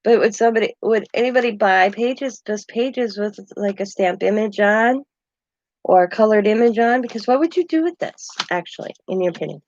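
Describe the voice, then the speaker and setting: An older woman rambles through a relaxed craft chat at home, chuckling as she goes. Her voice sits at an ordinary middle pitch. The recording is dull and lo-fi, with no echo. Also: a little fast. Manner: chatty and meandering, chuckling often. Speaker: craft channel host. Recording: dull dry lo-fi sound.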